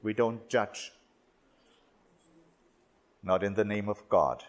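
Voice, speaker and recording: A man speaking slowly and deliberately at a religious workshop, with pauses, restarts and non-native English phrasing. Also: on the low side.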